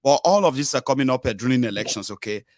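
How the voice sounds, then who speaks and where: A man's voice: mid-range voice, lively intonation, quick pace, darkish tone, no room sound. Nigerian man hosting a call-in show. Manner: conversational, with fillers and asides. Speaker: host. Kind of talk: phone-in talk show.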